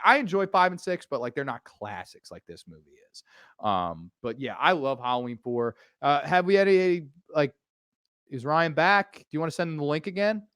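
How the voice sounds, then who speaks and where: A man hosting a casual podcast chat, gushing with excitement and swearing freely. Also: mid-range voice, no room sound, clean studio sound. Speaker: podcast host.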